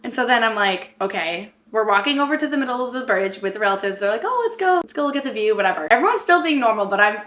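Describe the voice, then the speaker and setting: A young woman with a bright, forceful voice, fairly high-pitched, tells a story to camera in a rambling, excitable rush full of fillers. She sounds emotional, close to tears. The room is echoey. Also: quick pace, hardly any pauses. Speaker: vlogger.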